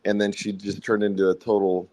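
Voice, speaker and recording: A man from South Carolina with a faint Southern accent, telling the story behind his song in a relaxed, rambling way during a casual interview. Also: on the low side, brisk, rough recording. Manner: rambling, friendly storytelling with fillers. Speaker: songwriter guest.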